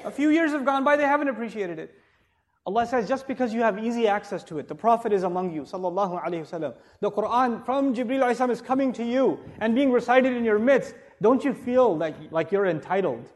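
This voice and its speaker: High-voiced man giving a religious lecture. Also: lively intonation, fast. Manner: conversational, joking, asks the audience rhetorical questions; grows forceful and insistent when urging respect. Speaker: Islamic teacher. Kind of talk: religious lecture to a live audience.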